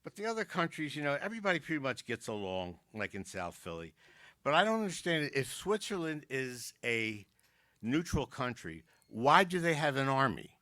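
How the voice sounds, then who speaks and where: Bright-voiced Philly stand-up comic. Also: male voice, medium pitch, sing-song, normal speed, no echo, studio quality. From South Philadelphia. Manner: joke-telling with wisecracks and asides. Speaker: stand-up comedian. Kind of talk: stand-up comedy set. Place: community arts center.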